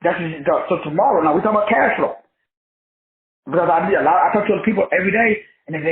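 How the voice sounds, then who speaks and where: A high-voiced man lectures his class in a preachy, repetitive, colloquial way. The sound is tinny and narrow, as if over a phone line. It rings in an echoey room. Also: lively intonation, fast. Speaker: online teacher and host. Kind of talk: motivational lecture.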